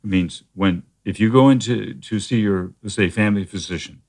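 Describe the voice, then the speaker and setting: A man speaking as a therapist guest in a conversational interview, explaining at a measured pace with frequent fillers and restarts. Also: fairly low pitch, darkish tone.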